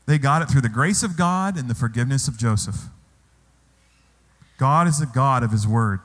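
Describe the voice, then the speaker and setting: This pastor's mid-range, slightly bright voice moves at a moderate pace as he preaches in a church hall. He poses rhetorical questions to the congregation, and long hall reverb lingers on the recording.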